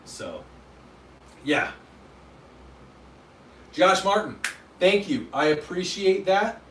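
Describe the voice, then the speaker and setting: A man's voice: sits high, big pitch swings, drawn-out words, fairly bright tone, slight background noise. A man hosting a casual livestream, chatting loosely and answering viewer comments with self-deprecating humor. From Utah, USA. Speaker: livestream host. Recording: echoey room, mic at a distance.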